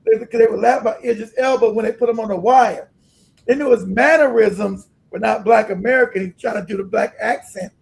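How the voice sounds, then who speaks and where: Streamer host, man, high pitched and gravelly, profane laughing rant. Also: brisk, poor audio. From California. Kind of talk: casual livestream rant.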